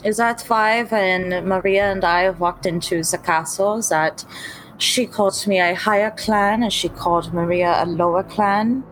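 A woman's voice: mid-range voice, steady tone, a little slow, slight background noise, lightly acted, rough recording. A woman playing a blunt outspoken vampire. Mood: confrontational. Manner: frank, confrontational, stammering.

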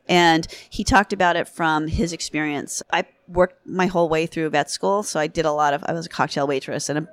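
A woman's voice: low-pitched, no echo. A woman, a veterinarian guest on a podcast, talking bluntly and candidly with casual swearing. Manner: blunt, candid, swears freely, laughs often. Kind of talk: casual interview chat.

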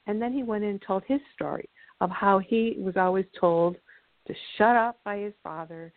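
A woman speaker explains things earnestly in a teaching manner, stopping now and then to tell a story. Her voice sits at a middle pitch, and the phone-like line makes it sound tinny and dry. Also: normal speed, no room sound. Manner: earnest, teaching, acts out quotes. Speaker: guest speaker.

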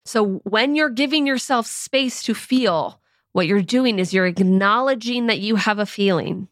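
A woman's voice: medium pitch, a little slow, no echo, studio quality. A woman in her thirties hosting a podcast, talking casually with filler words and light laughs. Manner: conversational, with filler words like "you know" and frequent soft laughs. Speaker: podcast host.

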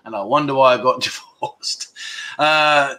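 A middle-aged man hosting a casual livestream chat, rambling and joking as he reads out viewer comments with quick asides. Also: medium pitch, sharp tone. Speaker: livestream host.

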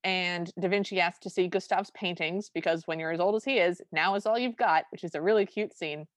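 A woman's voice: fairly low pitch, fairly quick, dry recording. Brief: woman podcast co-host, enthusiastic casual recap, dry. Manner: chatty, enthusiastic, recounting scenes. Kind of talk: casual movie recap chat.

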